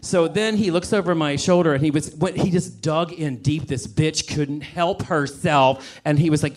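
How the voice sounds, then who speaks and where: A man's voice: a little high, normal speed, hardly any pauses. A man in his fifties telling a sassy, campy, impassioned story on a comedy club stage. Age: 50s. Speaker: comedian and writer. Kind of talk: stand-up storytelling rant.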